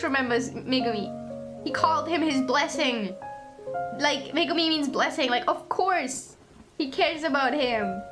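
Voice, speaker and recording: A woman streamer with a stuffy nose, chatting casually on a livestream, emotional and tearful, rambling and swearing. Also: a little high. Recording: music playing under voice. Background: background music.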